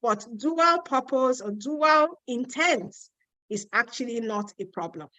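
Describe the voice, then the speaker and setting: A woman's voice: a little high, lively intonation, measured pace, sharp tone, no echo, rough recording. A Nigerian woman with a Yoruba accent hosting a live Q&A webinar from Ontario. She reads out viewer questions and answers them in a chatty, emphatic way, repeating her points. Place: home in Ontario.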